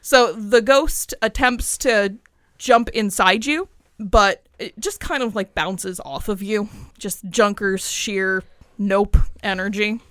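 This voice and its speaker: A woman narrating a tabletop game as game master, relaxed and conversational. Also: medium pitch, slow pace, no echo. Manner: relaxed, conversational, with frequent "like" fillers.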